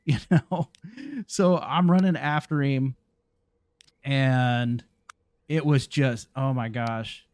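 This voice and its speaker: A man's voice: mid-range voice, steady tone, slow pace, long pauses, a little mellow, clear, resonant tone, no echo. A man, hosting a gaming channel and telling a rambling story while he plays, full of restarts and fillers. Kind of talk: casual storytelling while playing a game.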